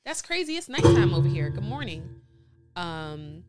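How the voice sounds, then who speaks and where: A woman's voice: on the low side, very animated, moderate pace, music in the background. A woman speaking as a podcast guest in a studio, chatting casually and candidly, with lots of slang, laughter and playful exaggeration, and reading out live comments.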